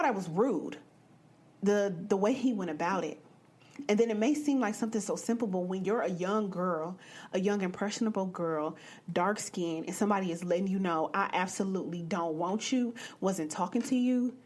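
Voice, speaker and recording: Husky-voiced woman telling a blunt story. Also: medium pitch, normal speed. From Midwestern United States. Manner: blunt, profane, animated retelling. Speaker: podcast host. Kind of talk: candid storytelling monologue.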